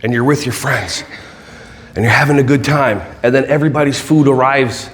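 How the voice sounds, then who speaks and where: A man giving a lively, joking keynote talk to a conference audience, drawing them in with questions and then guiding them through slow breathing. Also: medium pitch. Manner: animated, jokey, audience-involving; slow soothing breath-work guidance. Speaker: keynote speaker.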